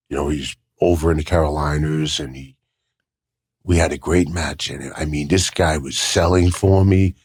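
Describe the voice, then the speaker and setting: An older man, a retired wrestler, telling animated stories as an interview guest and repeating words when he gets excited. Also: low voice, breathy edge.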